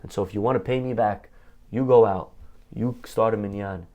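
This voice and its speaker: A man's voice: lowish voice, fairly even intonation, normal speed, mellow, lo-fi sound. A man speaking as a rabbi, telling a heartfelt story in a conversational sermon, with many "you know" fillers.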